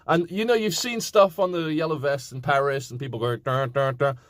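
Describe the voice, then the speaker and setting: A man's voice: a little high, fairly quick, no echo. Ranting male vlogger, dry close sound. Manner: animated, swearing, mocking impressions. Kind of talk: casual rant to camera.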